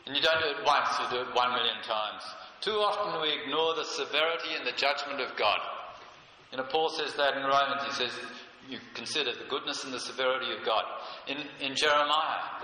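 An older man preaches with earnest emphasis, slowing down to stress his points. His voice is very bright and forward. He is recorded in a big echoing hall with long reverb and a faint ambient hum. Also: mid-range voice. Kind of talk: sermon. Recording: echoey hall, heard from a distance.

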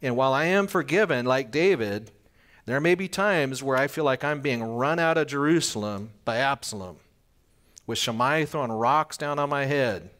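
A man's voice: mid-range voice, a bit bright. A man preaching a sermon in a conversational way, asking the listeners questions and acting out little scenes. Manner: acts out little scenes with quick voice changes. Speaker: pastor.

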